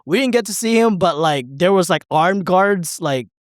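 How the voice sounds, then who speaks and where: A man's voice: high voice, animated, moderate pace, no echo, studio quality. A man co-hosting a podcast, telling a rambling story in casual chat, swearing, laughing and acting out what people said. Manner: rambling, profane, laughing, acts out quotes. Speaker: podcast co-host.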